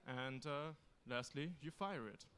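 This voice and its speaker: A man pitching his game on a convention stage, explaining it steadily with a few fillers. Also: measured pace, fairly bright tone.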